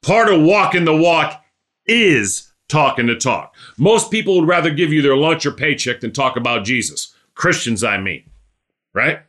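A man's voice: a little high, lively intonation, normal speed, fairly bright tone. A man preaching a sermon, telling a story and building to emphatic exhortation.

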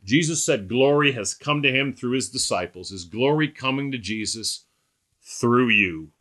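A man preaching a sermon, emphatic and repetitive, slowing and rising on quoted scripture. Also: medium pitch, fairly bright tone. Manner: repetitive, rhetorical lists.

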